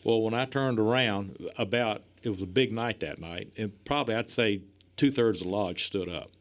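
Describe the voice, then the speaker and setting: Guy in his 60s, police chief on a podcast, lowish voice, tells animated stories and acts out the other people in them. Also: normal speed. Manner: animated anecdotes, acts out other people's lines, laughs often. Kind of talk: casual storytelling in a podcast interview.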